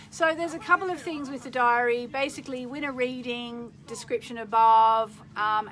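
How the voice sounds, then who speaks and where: A woman's voice: medium pitch, fairly bright tone, a little hiss or hum, poor audio. A middle-aged woman hosting a casual live stream, chatting in a rambling way and reading out viewer comments.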